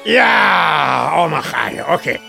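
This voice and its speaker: A man voicing a frantic middle-aged jewelry store owner who stammers and rushes his words in a comedy sketch. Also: on the high side, very animated, creaky, sharp tone, faint music behind, full character voice. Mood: strained calm.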